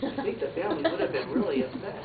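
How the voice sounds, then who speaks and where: A woman teacher reads a picture book aloud to small children with a lively, swooping voice, adding playful asides and loud sound effects. The sound is tinny and thin, with an echoey ring. She was recorded by a camera across a classroom with loud noise around her. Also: medium pitch, racing, distant mic, over a noisy crowd. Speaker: pre-K teacher.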